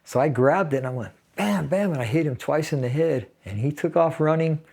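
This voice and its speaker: Fairly high-pitched, brisk and creaky, his voice carries a darkish tone. The speaker, a Navy veteran in his sixties from San Fernando Valley, California, relaxedly shares a personal story during an interview, laughing as he gets to grim details.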